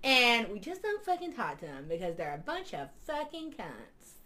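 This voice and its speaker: A woman playing a crude, excitable female superfan who swears constantly and talks dramatically. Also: fairly high pitch, moderate pace, full character voice. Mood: indignant. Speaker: fan club member. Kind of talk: comedy sketch acting.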